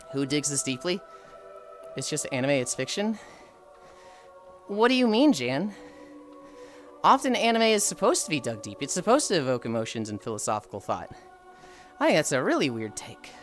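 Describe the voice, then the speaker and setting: Rambling streamer woman with lively pitch. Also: normal speed, pauses often. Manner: rambling, thinking aloud, frequent sighs. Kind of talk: casual live-stream chat, reading chat aloud. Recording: faint music behind.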